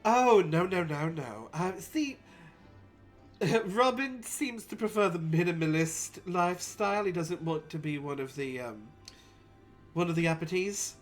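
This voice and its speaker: Woman voicing a breezy posh man, bard, looks down on simple living, low voice for her. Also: lively intonation, unhurried, faint music behind. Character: posh upper-class male bard, breezy and vain.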